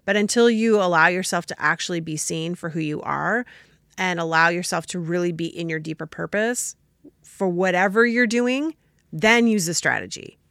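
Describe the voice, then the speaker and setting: A woman's voice: on the low side, moderate pace, gravelly, fairly bright tone, no echo, clean studio sound. A woman hosting a podcast, talking casually with an emphatic, coaching manner. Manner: emphatic and coaching, often acts out other people's quoted lines. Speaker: podcast host.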